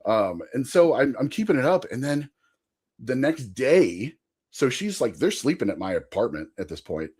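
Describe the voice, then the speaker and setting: Animated, rambling male storyteller. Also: mid-range voice, normal speed, husky. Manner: animated, rambling storyteller who laughs often; chatty with frequent fillers and asides. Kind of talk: casual podcast chat and storytelling.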